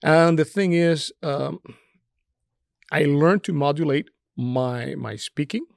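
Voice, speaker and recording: A middle-aged man from Puerto Rico with a Puerto Rican Spanish accent and Spanish as his first language, telling stories as an interview guest, animated with many hesitant fillers. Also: fairly high pitch, slow, vocal fry, no room sound, studio quality. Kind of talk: casual interview conversation.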